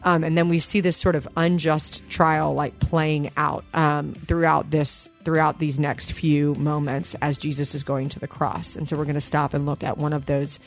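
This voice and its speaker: A woman preacher giving an earnest sermon and reading scripture at a steady pace. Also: low-pitched, normal speed, few pauses, faint music behind.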